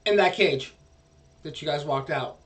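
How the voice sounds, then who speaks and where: A man's voice: on the high side, unhurried, a bit bright, recorded from a distance. A man narrating a tabletop game as dungeon master, rambling and hesitant.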